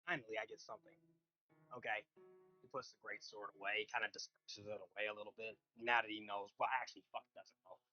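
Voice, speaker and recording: A man's voice: fairly low pitch, fairly even intonation, quick pace, lo-fi sound, faint music behind. A man playing a tabletop game, rambling and thinking aloud as he describes his moves. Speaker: player. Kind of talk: tabletop game play, casual.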